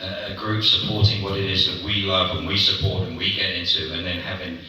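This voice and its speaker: Deep-voiced older man on an echoey panel. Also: level tone, a little fast, sharp tone. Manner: jokey, storytelling, laughs often. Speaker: convention panel guest. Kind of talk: panel Q&A chat. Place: large convention hall. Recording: echoey hall, distant mic, noisy.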